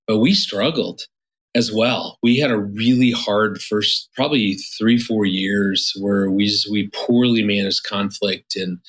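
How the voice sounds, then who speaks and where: Low-voiced man telling a rambling story. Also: a bit bright, low-quality recording. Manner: rambling, many restarts and fillers. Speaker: guest marriage therapist. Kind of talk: casual interview storytelling.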